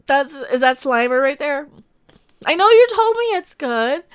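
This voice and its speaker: A woman's voice: sits high, big pitch swings, measured pace. A woman hosting a livestream, reacting to a trailer and ranting emotionally, swearing and laughing between lines.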